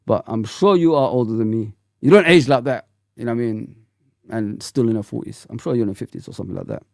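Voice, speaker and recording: A man in his forties hosting a fan livestream, talking bluntly in an animated, ranting way full of slang. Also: mid-range voice, fast, vocal fry, dry recording, clean studio sound. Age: 40s. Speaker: football fan channel host. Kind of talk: casual livestream rant.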